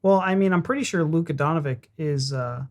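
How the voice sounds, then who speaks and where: A man's voice: fairly high pitch, a little fast. A man from the United States, co-hosting a reaction video with laid-back, mock-boastful jokes. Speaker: reaction channel co-host. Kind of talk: casual reaction chat.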